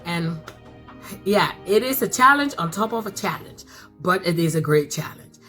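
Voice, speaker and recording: Excitable woman with a bright voice. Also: on the low side, moderate pace, faint music behind. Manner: excitable, repeats phrases, bursts of laughter. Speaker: mukbang vlogger. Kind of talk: casual chat to camera.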